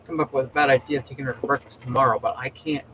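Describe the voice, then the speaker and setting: Man, livestream host, casual rambling chat, mid-pitched voice, slight background hiss. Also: fairly even intonation, fast talker, bright, forceful tone, rough recording. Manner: rambling, chatty, many restarts.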